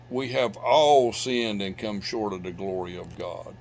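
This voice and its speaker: A middle-aged man preaches a sermon in a church, his lowish voice rising in loud emphatic bursts and falling back to near hush. A faint hum sits under the recording. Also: unhurried. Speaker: pastor. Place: church sanctuary.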